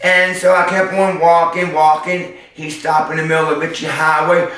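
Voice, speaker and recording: A man's voice: a little high, level tone, moderate pace, few pauses, pushed and bright, a little hiss or hum. A man who works as a street performer, telling stories in an interview in a sassy way and using sound effects. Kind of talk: storytelling interview. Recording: echoey, mic far off.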